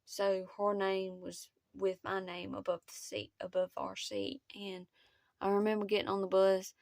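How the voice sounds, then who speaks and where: Young woman, gravelly, dry close sound, halting emotional storytelling. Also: medium pitch, flat delivery, darkish tone, no echo. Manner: halting, emotional, with many pauses. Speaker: vlogger. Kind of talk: personal storytelling.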